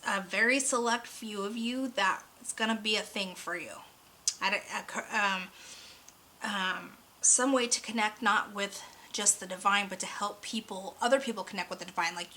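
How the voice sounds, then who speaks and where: Bright-voiced earnest woman reading oracle cards. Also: mid-range voice, a little hiss or hum, low-quality recording. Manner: earnest, emotional, rambling with restarts. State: voice cracking with emotion. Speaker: oracle card reader. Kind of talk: spiritual card reading monologue.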